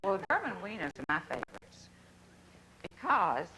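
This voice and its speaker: A woman's voice: medium pitch, wildly swooping pitch, normal speed, low-quality recording. An older woman with a Southern accent, a guest on a TV talk show, folksy and chuckling as she talks about cooking. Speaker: guest cook, co-host's mother.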